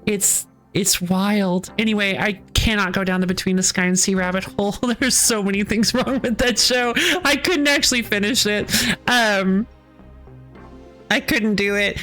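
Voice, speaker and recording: A woman's voice: medium pitch, steady tone, moderate pace, a bit bright, faint music behind. A woman streamer chatting casually while playing, ranting with frequent laughs and sighs. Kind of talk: casual game stream chat.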